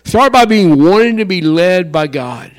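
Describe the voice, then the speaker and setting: A man preaching a sermon in an animated way, acting out the voices of fans and worshippers. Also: high-pitched, measured pace. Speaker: pastor.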